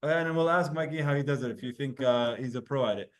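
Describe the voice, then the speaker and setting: A man teaching a Talmud class to students, animated and explaining with spoken demonstrations of sounds. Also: mid-range voice, fast. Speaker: Torah teacher.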